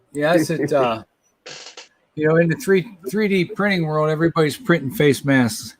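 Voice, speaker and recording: A man's voice: a little high, lively intonation, a little slow, long pauses, slight background noise, rough recording. Joking man in casual chat. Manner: loose, joking, trailing off.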